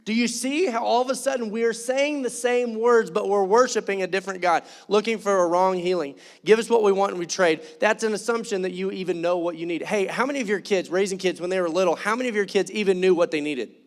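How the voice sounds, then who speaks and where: A man's voice: high voice, fast talker, few pauses. A man preaching in church, conversational and joking, acting out quoted voices. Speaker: pastor. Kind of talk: sermon.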